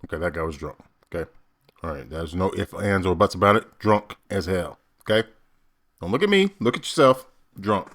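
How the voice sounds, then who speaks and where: A man's voice: sits low, moderate pace. American man joking through a reaction. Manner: joking, animated, asks the viewers questions. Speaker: reaction video host. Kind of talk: casual reaction commentary.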